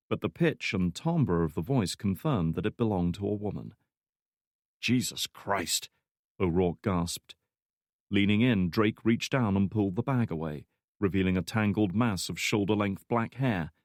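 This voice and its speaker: Deep-voiced male audiobook narrator. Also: no echo, clean studio sound. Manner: measured, even storytelling. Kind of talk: scripted narration.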